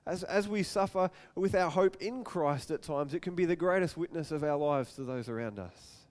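A man preaching a sermon, telling an animated story and acting out the voices in it. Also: fairly high pitch, moderate pace. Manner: animated, acts out scenes with quoted voices.

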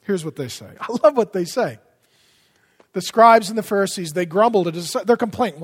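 A man preaching a sermon, animated and swinging between loud bursts and hushed asides. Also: sits high, brisk, slightly rough. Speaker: pastor. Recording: long reverb of a large hall.

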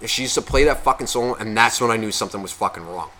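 A man co-hosting a comedy podcast, with a bright, forward voice. He rambles and curses nonstop, restarting sentences as stories tumble out. A faint hiss sits under his voice. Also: quick pace. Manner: profane, rambling storyteller; mimics relatives in a high, gushing voice. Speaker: podcast co-host. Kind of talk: casual comedic chat.

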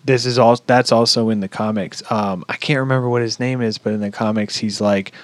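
A man co-hosting a casual podcast, retelling a film in an excitable, profane rush. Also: lowish voice, brisk, no echo. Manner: excitable, heavy swearing, lively storytelling. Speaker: podcast co-host. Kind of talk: casual movie review chat.

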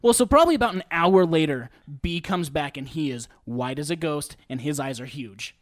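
A young man casually telling a wild story to friends, animated and slangy. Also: a little high, moderate pace, no echo, clean studio sound. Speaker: podcast storyteller.

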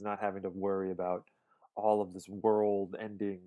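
A man co-hosting a podcast, talking through a film in a thoughtful, halting way with many restarts. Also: low-pitched, flat delivery, warm tone. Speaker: podcast co-host. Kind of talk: casual film discussion.

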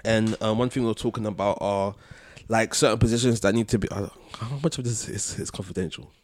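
A man's voice: fairly low pitch, a little mellow, no room sound, clean studio sound. Stuffy-sounding man chatting, laughing a lot. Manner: laughs often, talks in quick restarts. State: stuffy, nasal from a cold and hay fever. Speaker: podcast co-host. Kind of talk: casual chat.

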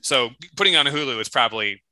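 A man co-hosting a casual podcast chat, rambling through stories with many restarts and animated quotes. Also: medium pitch, no echo, rough recording. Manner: rambling storyteller, restarts, quick animated quoting. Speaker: podcast co-host.

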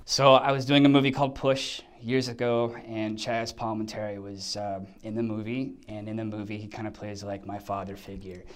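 Guy telling a story from a film set, really animated, acts it all out. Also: fairly low pitch, normal speed, few pauses. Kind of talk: casual anecdote.

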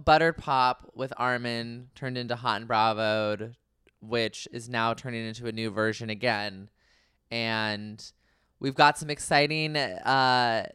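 A man hosting a podcast in casual chat, excitable and jokey. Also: medium pitch, clean tone, no echo, clean studio sound. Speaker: podcast host.

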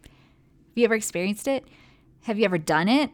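A woman's voice: medium pitch, expressive, normal speed. A woman hosting a motivational talk on well-being, speaking directly and conversationally to her listeners.

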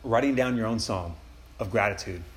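A man preaches at a retreat in quick, loose bursts, slipping into slangy asides as he tells the story. His voice rings in an echoey room, and a faint hum of ambience sits underneath. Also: lowish voice. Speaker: campus ministry speaker. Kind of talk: casual retreat sermon.

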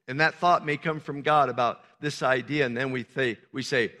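A man's voice: on the high side, moderate pace, hardly any pauses, pushed and bright. An older man, a pastor, preaching a sermon in a conversational way, often calling out "Amen" and making jokes at his own expense. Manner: conversational preaching, frequent "Amen" calls, self-deprecating asides. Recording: long reverb of a large hall.

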